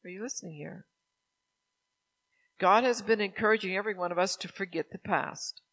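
Gravelly high-voiced older male preacher. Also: fairly quick, sharp tone. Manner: conversational, anecdotal, asks the congregation questions. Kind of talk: sermon.

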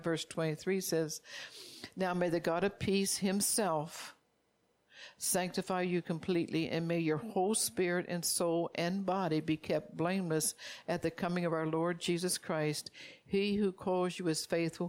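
A woman's voice: lowish voice, a little mellow. A woman preaching a sermon, repeating phrases for emphasis and reading scripture aloud as she urges her listeners directly.

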